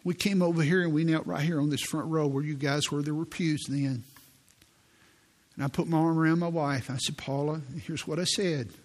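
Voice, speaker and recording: A man in his sixties, a pastor preaching a sermon in a church, telling stories in an earnest way and slowing down for quoted prayers. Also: on the high side, steady tone. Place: church sanctuary.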